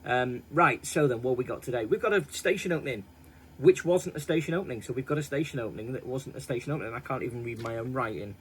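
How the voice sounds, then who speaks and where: A man's voice: medium pitch, fast, a bit bright, slight background noise, poor audio. Chatty man rambling through history. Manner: rambling, self-mocking, chatty asides. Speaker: history channel host. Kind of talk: casual daily history chat.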